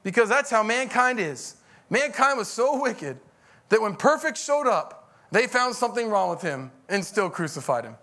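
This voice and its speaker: A man's voice: high-pitched, very animated, moderate pace, pushed and bright. A middle-aged man, a pastor, preaching a conversational sermon that rises into emphatic bursts.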